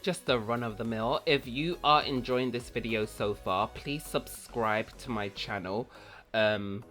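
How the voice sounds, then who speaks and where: A man's voice: mid-range voice, measured pace, pushed and bright, soft background music. A man hosting a casual cooking vlog, chatty and rambling, who repeats words for fun. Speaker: cooking channel host.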